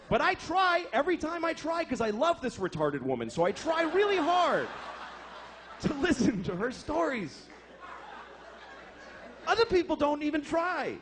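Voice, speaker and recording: A man's voice: very high voice, sing-song, unhurried, long pauses, background noise. A man doing a stand-up comedy routine, telling stories in a profane, exasperated way. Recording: live show with audience laughter. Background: crowd laughter.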